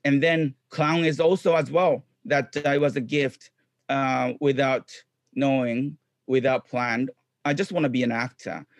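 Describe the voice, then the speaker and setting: A man being interviewed as a guest, speaking halting, non-native English with restarts and fillers. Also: medium pitch, steady tone, no echo. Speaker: guest, clown comedian and improviser. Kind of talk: casual interview.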